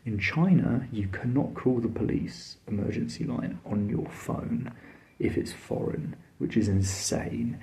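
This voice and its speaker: A man's voice: mid-range voice, expressive, measured pace, creaky, darkish tone, slight background noise. A man tells a travel story in a casual, blunt and sweary way, full of fillers and exasperation. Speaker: travel vlogger.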